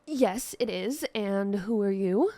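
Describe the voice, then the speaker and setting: A woman's voice: mid-range voice, expressive, slow, mellow, dry recording. A woman voicing a theatrical male jester and priest who talks in playful, rambling banter.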